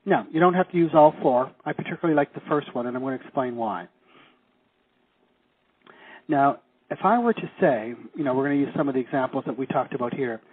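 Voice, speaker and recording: Husky man coaching over a phone line. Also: mid-range voice, lively intonation, no echo. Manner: enthusiastic, slows to stress key phrases. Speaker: seminar leader. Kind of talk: teleseminar coaching.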